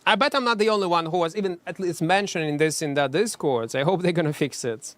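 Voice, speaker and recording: Brief: male game streamer, high voice, chatty and self-mocking, non-native English. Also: fast talker, a bit bright, no room sound. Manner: self-mocking, talks to chat, hums between plays. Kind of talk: casual live-stream chat while playing.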